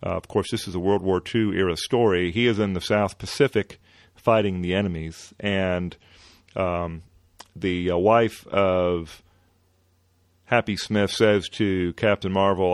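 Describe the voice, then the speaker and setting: A man hosting a podcast, retelling an old comic-book story in a relaxed way with many fillers. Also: sits low, a little slow, no room sound, clean studio sound. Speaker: podcast host.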